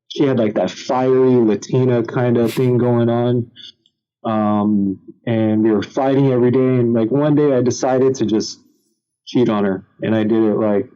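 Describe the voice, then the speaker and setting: Candid young man with a mellow voice. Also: medium pitch, dull audio. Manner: candid storytelling, acts out quotes in raised voices. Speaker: podcast guest. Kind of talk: casual chat.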